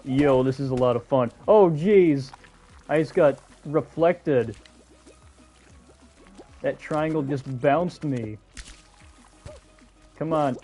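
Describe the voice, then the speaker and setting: A man hosting a casual live gameplay stream, chatty and excitable, talking to his viewers. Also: fairly high pitch, slow, pauses often, faint music behind. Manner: chatty and excitable, talks to chat. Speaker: gaming streamer.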